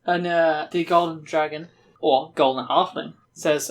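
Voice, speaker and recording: A man running a tabletop game as game master, genial and quick to chuckle. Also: fairly high pitch, steady tone.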